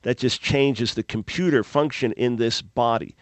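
Measured male radio host, very dry sound. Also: mid-range voice, dry recording. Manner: measured, explanatory, thoughtful pauses. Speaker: radio talk show host. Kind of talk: call-in radio Bible answers.

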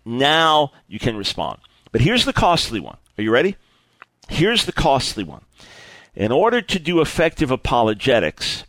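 A man preaching a sermon in an earnest, lively way, often repeating words and stumbling as he builds his point. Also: medium pitch, no room sound.

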